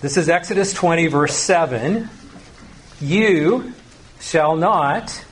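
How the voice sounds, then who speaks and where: A man preaching a sermon, earnest and teaching, slowing down to stress key phrases. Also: fairly high pitch. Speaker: pastor.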